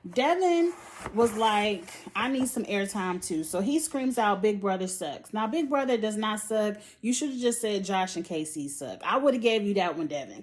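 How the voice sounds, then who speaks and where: Blunt, laughing woman reviewer, mid-pitched, casual and cussing. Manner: sassy, blunt, laughing, cusses. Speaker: reality TV reviewer. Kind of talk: casual recap commentary. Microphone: phone or tablet setup.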